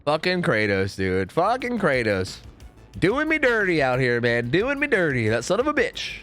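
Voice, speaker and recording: A young American man streaming a game, his voice leaping all over in pitch as he chats. He swears freely and talks to chat without pause. Faint music plays under him. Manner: chatty, profane, animated, reads chat aloud. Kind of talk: casual gaming stream chat.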